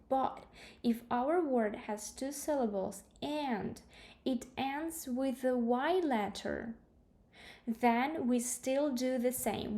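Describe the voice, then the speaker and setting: Slow, mellow-voiced woman teaching English. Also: a little high. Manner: slow, careful explaining with glosses in another language. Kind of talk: grammar lesson explanation.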